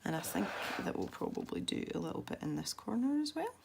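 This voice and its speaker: A young woman with a congested, stuffy voice, chatting softly as she narrates her colouring. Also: fairly low pitch, wildly swooping pitch, a little fast, gravelly, background noise. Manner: soft-spoken, chatty and self-deprecating. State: congested from a head cold. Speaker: colouring video host. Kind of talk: relaxed colouring commentary.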